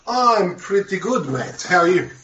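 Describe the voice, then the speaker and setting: A man's voice: high-pitched, expressive, unhurried, echoey room, recorded from a distance, highs cut off, noisy background. A man guesting on a casual live podcast, joking and ready to put on silly voices.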